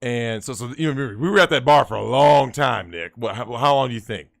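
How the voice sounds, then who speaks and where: A man telling a story in casual chat, animated, swearing and repeating himself. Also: medium pitch, fairly quick, gravelly. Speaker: guest.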